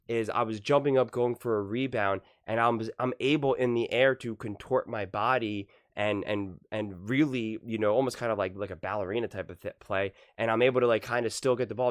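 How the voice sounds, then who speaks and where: A man hosting a sports talk show, reacting to clips in a heated, animated rant that keeps repeating itself and climbs high when he gets indignant. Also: no room sound, studio quality. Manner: heated, talks fast, repeats himself, rises to shouting pitch when indignant.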